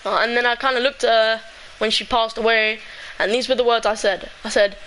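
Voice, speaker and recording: A woman's voice: fairly high pitch, fairly even intonation, fairly quick, fairly bright tone, slight background noise, poor audio. A teenage girl telling a sad personal story in a rambling way, full of fillers. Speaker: streamer. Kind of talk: emotional storytelling vlog.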